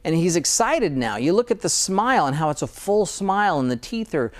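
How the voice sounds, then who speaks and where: A man's voice: high-pitched, big pitch swings, fairly quick. A dentist in conversation, speaking earnestly and often repeating words as he starts a thought. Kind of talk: conversational interview.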